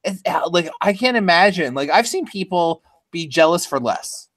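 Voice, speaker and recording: A woman trades sarcastic jokes in a casual recap chat. Her voice is on the low side but moves expressively, and the sound is close and dry. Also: expressive, dry recording. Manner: sarcastic, giggly, quick-witted. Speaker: show recap co-host.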